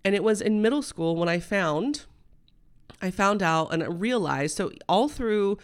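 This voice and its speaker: A woman's voice: medium pitch, lively intonation, measured pace, smooth. A woman, hosting a personal storytelling podcast in a chatty, rambling, candid way. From Midwestern United States. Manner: chatty and rambling, full of "um" and "like", laughing mid-sentence; candid and heartfelt, turning emotional. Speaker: podcast host.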